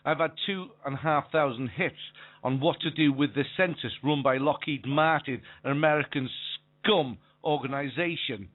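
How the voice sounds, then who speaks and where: A man's voice: fairly high pitch, normal speed. A Welsh man calling in to a radio show, indignant and tripping over his words. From Wales. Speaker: caller. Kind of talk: call-in radio talk. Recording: tinny phone line.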